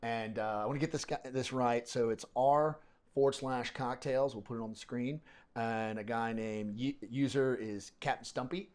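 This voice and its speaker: A man's voice: mid-range voice, fairly even intonation, normal speed, darkish tone. Middle-aged guy rambling thru a story, lots of restarts, casual podcast host. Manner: rambling, many restarts, acts out quotes.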